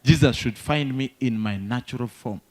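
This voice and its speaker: A man's voice: mid-range voice, normal speed, a little mellow, pitched below the performer's own voice, natural voice. A Ugandan man doing a solemn old uncle. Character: pious older village uncle, calm and certain.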